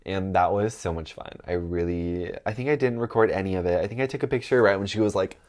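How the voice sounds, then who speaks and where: A man's voice: sits low, quick pace. A young man vlogging in casual chat, rambling with lots of ums and likes, sounding stuffed up. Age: young adult.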